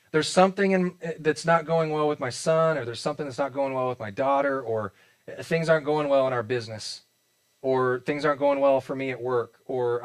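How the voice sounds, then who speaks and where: A man in his forties with a Midwestern American accent, preaching a sermon in a church in a conversational, joking way, with many restarts and acted-out quotes. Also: mid-range voice. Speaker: pastor. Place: church auditorium.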